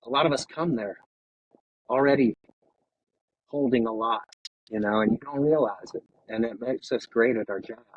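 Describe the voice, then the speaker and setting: A man in his fifties, a retired firefighter, speaking candidly and emotionally in an interview, with halting pauses and restarts over a video call. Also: mid-range voice, slightly rough, dull audio.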